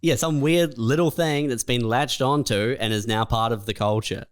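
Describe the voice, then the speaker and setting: A man's voice: mid-range voice, moderate pace, clear, resonant tone. A man co-hosting a comedy podcast, laid-back and agreeable, with casual swearing. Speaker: podcast co-host.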